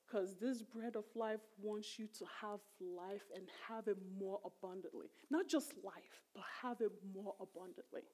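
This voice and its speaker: Middle-aged woman preacher, mid pitch, chatty and emphatic sermon delivery. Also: a little slow, hardly any pauses, darkish tone. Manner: conversational, emphatic, voice rising sharply when retelling emotional moments.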